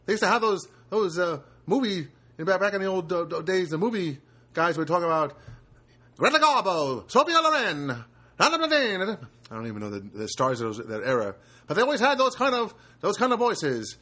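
A man's voice: fairly high pitch, very animated, brisk, pushed and bright. A man hosting a casual solo podcast from a studio apartment, rambling and self-deprecating, with many fillers and restarts. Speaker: podcast host.

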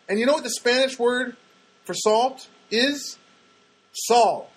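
A man rambling through everyday stories in a chatty, excitable monologue, often repeating himself and acting out other people's voices. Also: very high-pitched, slow, long pauses, slightly rough, rough recording.

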